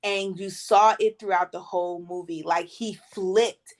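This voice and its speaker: A woman's voice: fairly low pitch, measured pace. A woman co-hosting a movie podcast, giving her opinion in a rambling way with lots of ums. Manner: rambling, many ums, lively quoting. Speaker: podcast co-host. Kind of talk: casual chat.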